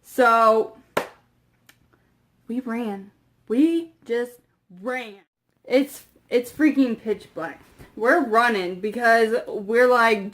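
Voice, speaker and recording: A young woman tells a story to her camera at an unhurried pace, her voice sitting a little high. She rambles, piles on fillers and lets her asides drop off quietly. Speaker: vlogger.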